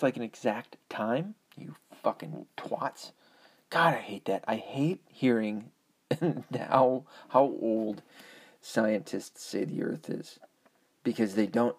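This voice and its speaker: Husky, profane ranting man. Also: fairly low pitch. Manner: profane, rambling, argumentative. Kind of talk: casual ranting monologue.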